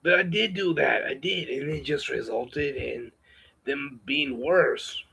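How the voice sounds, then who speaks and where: A man speaking in a pitched-up, strained put-on character voice while chatting, with a gravelly edge, in a room at home on a webcam or phone mic. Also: slow, pushed and bright, exaggerated voice, rough recording. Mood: complaining. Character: campy male spy-spoof character voice.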